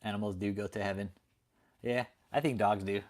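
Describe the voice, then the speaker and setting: A man's voice: lowish voice, steady tone, brisk. A male livestream host in casual chat, laid-back and profane.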